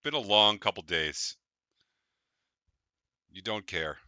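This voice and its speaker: Low-voiced bright game master man. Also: slow, dry recording, highs cut off. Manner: relaxed, loose narration with fillers. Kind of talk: narrating a tabletop game.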